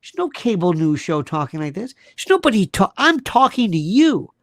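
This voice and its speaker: Animated gravelly talk-show host man. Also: high voice, moderate pace, no room sound, studio quality. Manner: animated, emphatic, repeats rhetorical questions. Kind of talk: live-stream talk show monologue.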